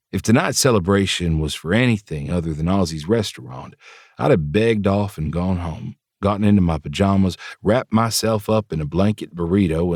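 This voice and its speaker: A male audiobook narrator reading a novel in the first person, voicing the dialogue with feeling. His voice is low, and the recording is close and dry with no room sound. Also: a little mellow, no room sound.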